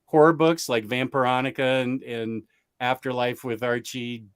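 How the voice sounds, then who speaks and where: A man's voice: mid-range voice, flat delivery, moderate pace, smooth, no echo, clean studio sound. A man hosting a casual livestream, reading out viewer comments with rambling, self-mocking asides and laughs mid-sentence. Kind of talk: casual chat.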